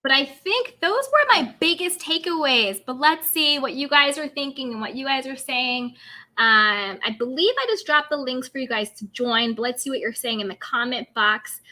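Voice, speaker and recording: Bright, gossipy woman hosting a live stream. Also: sits high, moderate pace. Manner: gossipy and chatty, hedging everything as alleged; animated, laughs often. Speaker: host of a live-streamed reality TV recap. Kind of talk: live-stream commentary, reading viewer comments.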